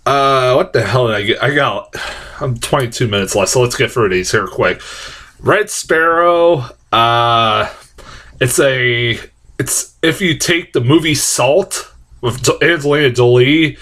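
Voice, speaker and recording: A young man giving a casual, rambling movie review that is full of swearing. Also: mid-range voice. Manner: animated, profane, rambling.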